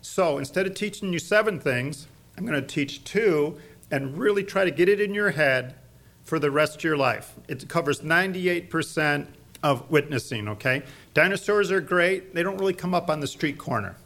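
Middle-aged male evangelism teacher, slightly higher voice, emphatic, quizzes the room. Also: expressive, moderate pace, fairly bright tone. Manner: emphatic, quizzes audience with fill-in-the-blank questions. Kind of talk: church teaching talk.

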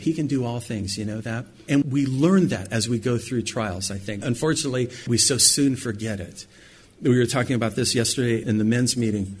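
A middle-aged man delivers a sermon in a husky, slightly breathy voice. He breaks into quoted lines with sudden high, loud bursts, then settles back into an even preaching tone. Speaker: pastor.

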